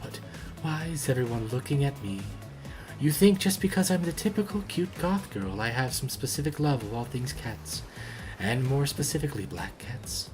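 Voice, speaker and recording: A man's voice: mid-range voice, lively intonation, normal speed, music in the background, lightly acted. A man voicing a moody, sarcastic goth girl in a dating game, with a dismissive, sardonic delivery. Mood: defiant.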